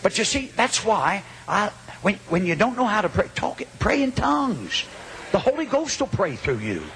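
An older man preaching a Pentecostal revival sermon, his voice high and bright as he tells a dramatic story and breaks into shouts. He speaks to a live congregation in a church, with a faint hiss of noise behind him. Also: sing-song, moderate pace. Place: church or hall before a congregation.

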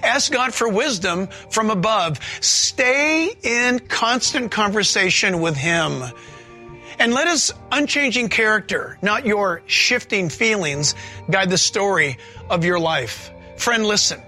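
A man preaching a sermon in an animated, conversational way, mixing scripture with joking asides. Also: high voice, slow, big-room sound, soft background music.

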